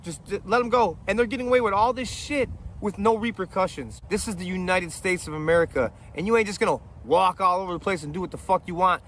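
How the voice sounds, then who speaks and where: Forties man, high voice, fiery and foul-mouthed storyteller. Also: quick pace, few pauses, fairly bright tone, slight background noise. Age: 40s. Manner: profane, fiery, blunt. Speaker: vlogger telling a story. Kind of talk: heated storytelling monologue.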